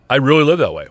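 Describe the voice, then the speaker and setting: A man's voice: medium pitch, a bit bright, no echo. A middle-aged man co-hosting a podcast in casual chat, rambling with restarts and frequent ums. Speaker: podcast co-host. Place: podcast studio.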